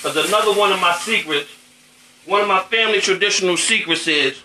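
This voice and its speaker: A man's voice: sits high, a little fast, pushed and bright, roomy sound, slight background noise, rough recording. A man hosting a casual cooking show, chatting in slang while he cooks and often asking if you know what he's saying. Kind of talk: casual cooking demo chat. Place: home kitchen with food frying.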